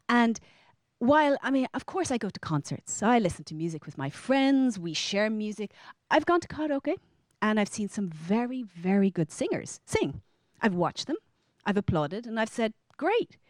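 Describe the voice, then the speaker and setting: An Irish woman in her thirties tells a personal story to a live audience, animated and lively, acting out other people's lines with big jumps in pitch. Her voice is dry and close, with little room sound. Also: no echo. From Ireland. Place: stage before a live audience.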